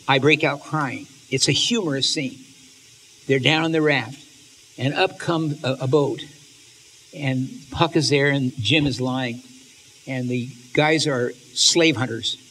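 A man giving an animated, emotional lecture on stories, reading passages aloud and often restarting his sentences. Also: mid-range voice, slight background noise. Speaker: speaker on literature and faith.

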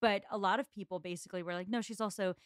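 A woman co-hosts a podcast in a chatty, easygoing way, filling her sentences with "like". Her voice sits at an ordinary middle pitch, and the recording is close and dry. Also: fairly even intonation, very fast, clean tone, dry recording. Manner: chatty, peppered with "like". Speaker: podcast co-host. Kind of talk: casual chat.

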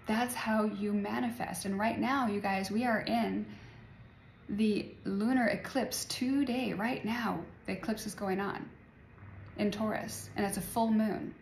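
A woman in her forties chats to her followers in a loose, wandering way and laughs often. Her voice has a gravelly, fry-heavy texture. The sound is roomy and echoey, with faint ambience behind her. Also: mid-range voice, fairly even intonation, a little slow, slight background noise. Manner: chatty, rambling, laughs often. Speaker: spiritual vlogger. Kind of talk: casual spiritual talk to viewers.

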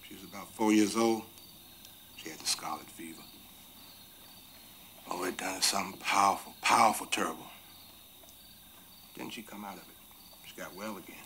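A remorseful runaway on a raft. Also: male voice, low-pitched, a little hiss or hum. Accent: Southern US rural dialect. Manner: slow heartfelt storytelling, drops to hushed whispers. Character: runaway grown man on a raft, tender, remorseful. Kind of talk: 1980s TV film drama acting.

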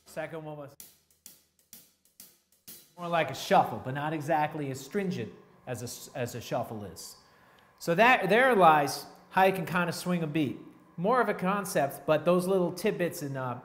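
A man teaching a drum lesson in a relaxed, step-by-step way, counting beats aloud between grooves. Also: on the high side, normal speed, soft background music. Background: drum playing.

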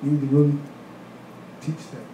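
A man preaching a sermon in a church, animated, acting out voices and laughing in asides. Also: fairly high pitch, moderate pace, roomy sound, slight background noise, low-quality recording. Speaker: pastor. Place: church hall.

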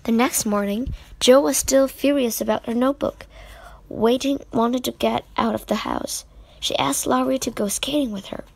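A woman reading a children's book aloud in an unhurried way, with small slips. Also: on the high side, creaky, darkish tone, dry recording. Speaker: storybook reader.

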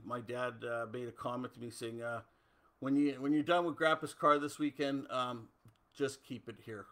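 Chatty Canadian man with a bright voice. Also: mid-range voice. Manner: chatty, rambling, reads out viewer comments. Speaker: host. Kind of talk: casual livestream chat.

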